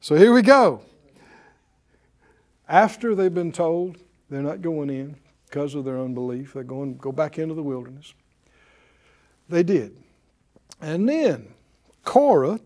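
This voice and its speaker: A man's voice: a little high, darkish tone. A man preaching a sermon in an emphatic call-and-response style, leading the congregation in repeating lines.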